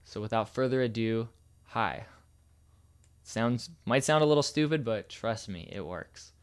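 Smooth-voiced playful male dating coach. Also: medium pitch, expressive, unhurried. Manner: playful, a little cocky. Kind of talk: casual advice tutorial.

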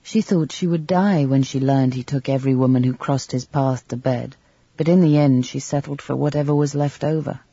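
Husky man narrating a literary novel. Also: medium pitch, no room sound. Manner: measured, even storytelling. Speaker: audiobook narrator. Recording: slightly dull lo-fi audio, dry.

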